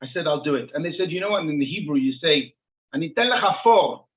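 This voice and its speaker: Animated rabbi telling a story. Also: male voice, a little high, quick pace. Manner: animated storyteller acting out dialogue. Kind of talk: storytelling on a talk show. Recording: phone-like narrow sound.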